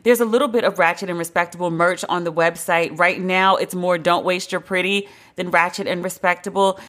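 A woman's voice: fairly low pitch, steady tone, brisk, a bit bright. A woman hosting a solo podcast, talking in a blunt, emphatic, conversational way and drawing out the words she stresses. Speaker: podcast host.

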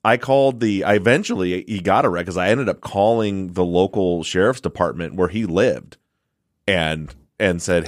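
Deep-voiced man telling a story, dry sound. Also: normal speed, dry recording. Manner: swears freely, acts out his own shouting in retellings. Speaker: podcast co-host. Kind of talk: casual chat, animated storytelling.

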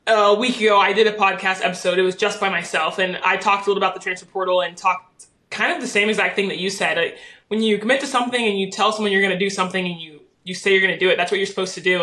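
Woman podcast host, bright voice, quick pace, earnest, rambling questions. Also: medium pitch. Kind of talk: casual chat.

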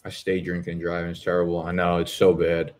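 A man's voice: sits low, monotone, fast, darkish tone. A man, hosting a live stream in profane, rambling casual chat. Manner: profane, rambling, swears constantly.

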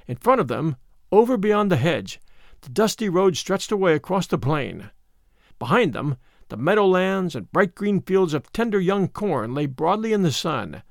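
A man reads an old storybook aloud with an expressive, lilting delivery. His voice sits a little high and moves up and down a lot. The sound is close and dry. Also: vocal fry, dry recording.

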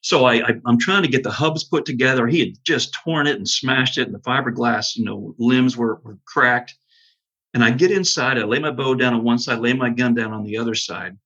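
Casting: husky man telling an earnest field story, on a dull lo-fi recording. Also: medium pitch, a little fast. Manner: earnest, animated storyteller with many restarts. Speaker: podcast guest, bow hunter. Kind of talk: storytelling in casual conversation.

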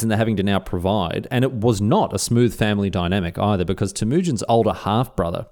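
A man's voice: on the low side, darkish tone. Chatty Australian man telling history. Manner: chatty and irreverent, with slang asides. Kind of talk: casual history storytelling.

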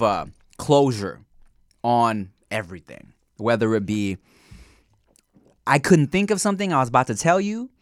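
A man's voice: medium pitch, no echo, clean studio sound. A man co-hosting a casual podcast chat, talking in a loose, slangy, teasing way. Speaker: podcast co-host.

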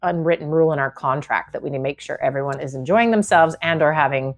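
A woman's voice: sits low, fast talker, faint music behind. Rambling, thoughtful woman chatting on a podcast. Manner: thoughtful, rambling, laughs often. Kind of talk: casual podcast chat.

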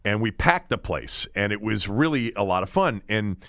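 Man hosting sports talk, lively pitch, dry close studio sound, animated storyteller. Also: normal speed, no echo. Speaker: sports radio host. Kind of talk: sports talk radio banter.

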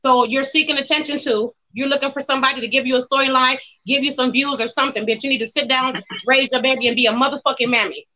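A woman's voice: high voice, steady tone, fast, few pauses, bright, forceful tone, rough recording. A woman with calling in to a gossip show, ranting about celebrities in a brash, crude, insulting way. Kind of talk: profane celebrity gossip rant.

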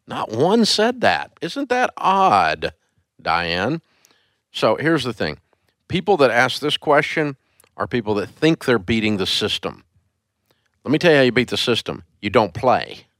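A man's voice: medium pitch, very animated, measured pace, fairly bright tone, no room sound, clean studio sound. A man hosting a call-in radio show, blunt and emphatic as he rants at a caller.

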